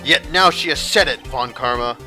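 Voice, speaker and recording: A man's voice: medium pitch, normal speed, sharp tone, soft background music. A man voicing an earnest young male defense lawyer, reading game lines assertively. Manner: assertive, declaiming.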